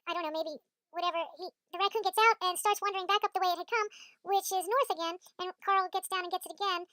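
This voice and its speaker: A woman with a very high, bright voice tells a long story to camera, tired but breathless and excitable. She restarts her sentences and jumps up in pitch to yell out quotes. The sound is close and dry. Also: fast talker, no room sound. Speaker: vlogger.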